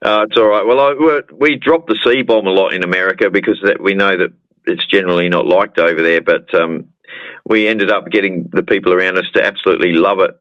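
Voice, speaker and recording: A man's voice: sits low, fairly even intonation, a little fast, no room sound, dull audio. A man with an Australian accent, a guest musician chatting casually in a rambling way and stumbling over repeated words on a video call. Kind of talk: casual chat.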